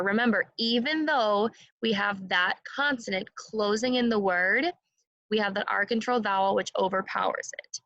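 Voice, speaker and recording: A woman teaching a phonics lesson to young children, speaking slowly and clearly and modeling sounds for the class to repeat. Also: medium pitch, fairly bright tone, no echo, muffled recording.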